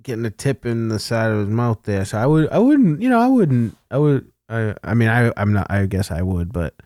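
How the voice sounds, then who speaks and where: A man's voice: mid-range voice, big pitch swings, a little fast, a little mellow, dry recording, clean studio sound. A young man co-hosting a casual chat show, swearing freely and laughing through his stories. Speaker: podcast co-host.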